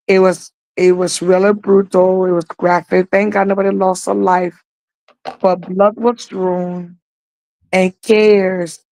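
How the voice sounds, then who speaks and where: A woman's voice: fairly low pitch, creaky, darkish tone, dry recording, poor audio. Woman co-host of a live talk stream, heartfelt rambling storyteller, dry close sound. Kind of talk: live online talk show.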